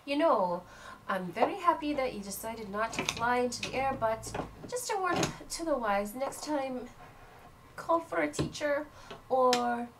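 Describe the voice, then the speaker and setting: A woman voicing a flustered older female flying teacher who frets in a high, breathless voice. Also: recorded from a distance, noisy background, lightly acted. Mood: fussing.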